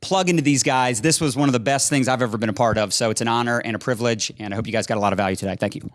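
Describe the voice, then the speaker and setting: A man's voice: mid-range voice, racing. A man on a business panel giving loose, jokey, upbeat motivational advice. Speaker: panel speaker. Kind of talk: motivational speech.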